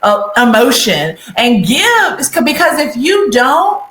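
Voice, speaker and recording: A woman from North Carolina speaks as a guest with earnest conviction, and her pace quickens when she drives a point home. Her voice is fairly high. The recording carries a roomy echo. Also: very animated, fairly bright tone. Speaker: guest, leadership advocate. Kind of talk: casual interview conversation.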